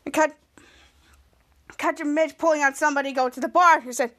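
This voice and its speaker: A woman hosts a podcast and recaps an episode in casual talk. She rambles and restarts her sentences often. Her voice sits very high. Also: fairly even intonation, normal speed, long pauses, a bit bright. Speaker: podcast host.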